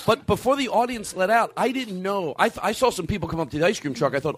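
A man's voice: high voice, lively intonation, fast talker, few pauses, fairly bright tone. A middle-aged man hosting a comedy podcast, telling rambling, profane, self-mocking stories. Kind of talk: rambling comic monologue.

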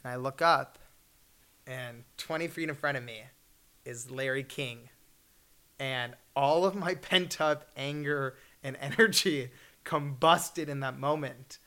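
A man in his twenties telling a story at a fireside chat, animated, acting out the people in it and laughing often. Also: mid-range voice, slow. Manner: animated, acts out voices, laughs often, shouts in bursts.

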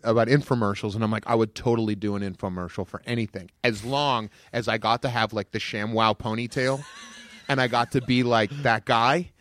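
A man guesting on a podcast, telling animated stories in casual chat and jumping into loud put-on voices. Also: lowish voice, fairly quick, no room sound.

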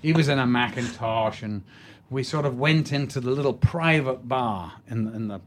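Older actor spinning anecdotes; rambling, self-correcting, middle-pitched. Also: male voice, normal speed. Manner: rambling with many restarts, amused. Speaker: actor guest. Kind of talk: casual anecdote in an interview.

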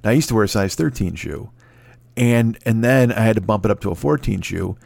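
A man hosting his podcast alone from home, rambling quickly with plenty of swearing, cracking himself up. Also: fairly low pitch, expressive, creaky, darkish tone, no echo. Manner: rambling, profane, fast-talking and self-amused. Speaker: podcast host. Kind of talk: solo casual monologue. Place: home recording setup. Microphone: close mic.

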